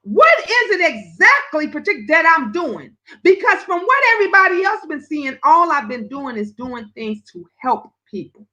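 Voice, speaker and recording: Blunt, high-voiced woman talk host. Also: normal speed, hardly any pauses, rough recording. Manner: blunt, emphatic, profane, animated storytelling. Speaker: live talk-stream host. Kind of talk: unscripted live-stream talk.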